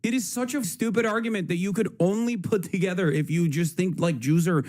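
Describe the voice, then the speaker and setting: A man's voice: sits high, fairly quick, a little mellow. A man chatting casually on a livestream, joking and laughing often.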